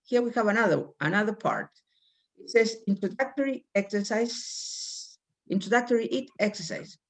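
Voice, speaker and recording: Lively-voiced woman teaching English grammar. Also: medium pitch, moderate pace. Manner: reads example sentences aloud and calls on students by name. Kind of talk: online English grammar class.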